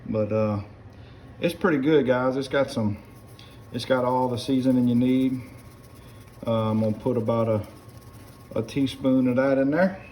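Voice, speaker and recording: A middle-aged South Louisiana home cook talks viewers through a casual cooking demonstration in his kitchen, folksy and chatty, often saying "guys." His medium-pitched, dark-toned voice keeps a fairly even intonation at a moderate pace, pausing often. A little hiss or hum accompanies the clinking pots and utensils.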